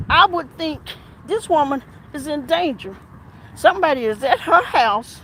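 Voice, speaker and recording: A woman with a high voice talks slowly and emphatically, circling back over the same points as she comments. Wind and passing traffic rumble loudly behind her outdoor recording. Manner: rambling, repetitive, emphatic. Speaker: commentary vlogger. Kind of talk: casual commentary.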